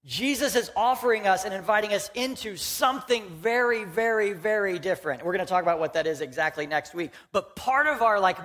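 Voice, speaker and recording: A man's voice: high voice, fairly bright tone. A young man from Houston, Texas, giving a conversational, joking sermon as a pastor in a church and talking directly to the congregation.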